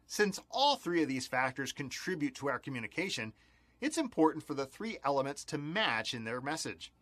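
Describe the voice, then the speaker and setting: A man narrating a customer service training module, explaining clearly and stressing key words. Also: a little high, big pitch swings, moderate pace, a bit bright, no room sound. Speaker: instructor.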